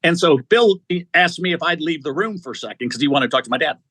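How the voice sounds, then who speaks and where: Telling stories as an interview guest, this executive recruiter in his sixties gets so enthusiastic that his sentences tumble and restart again and again. The voice is a little high, bright, forceful and expressive, moving at a quick pace. Close miking leaves it dry with no echo.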